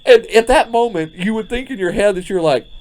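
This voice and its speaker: A man's voice: high-pitched, fairly quick. A man co-hosting a casual podcast chat, telling stories with lots of laughter. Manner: animated storyteller, laughs often. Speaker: podcast co-host. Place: front porch.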